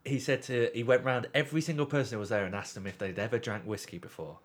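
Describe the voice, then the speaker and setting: A man's voice: mid-range voice, steady tone, fast talker, heavy background noise. A man co-hosting a podcast, rambling through anecdotes and swearing freely. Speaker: podcast co-host. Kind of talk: casual podcast chat.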